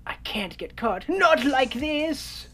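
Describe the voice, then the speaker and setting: A woman voicing a panicking male murderer in a game, shouting frantically. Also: high voice, animated, slow, voice pushed up, full character voice. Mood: frantic.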